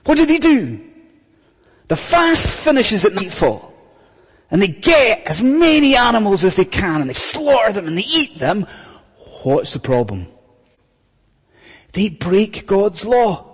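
A male preacher giving a sermon, firing rhetorical questions at the congregation and dropping to a hushed whisper for emphasis. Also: high-pitched, measured pace, long pauses, breathy edge. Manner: animated, asks the congregation many rhetorical questions. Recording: long hall reverb.

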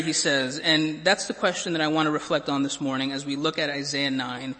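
A man's voice: fairly high pitch, little pitch movement, fairly quick, few pauses, sharp tone, long reverb tail. A man preaching a sermon as pastor, telling a story vividly and repeating words as he builds his points.

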